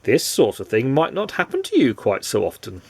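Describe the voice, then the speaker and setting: A man doing a high, bubbly happy fellow. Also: huge pitch swings, moderate pace, vocal fry, breathy edge, dry recording, exaggerated voice. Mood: cheery. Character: cheerful, laughing happy man.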